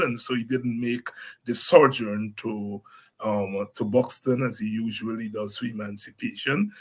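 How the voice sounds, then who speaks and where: A man with a husky, slightly rough voice hosts a live show and talks loosely to his viewers. He rambles warmly, with plenty of ums and restarts. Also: medium pitch. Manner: chatty, with many fillers and restarts. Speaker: host of a live politics show. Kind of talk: casual greetings to a live audience.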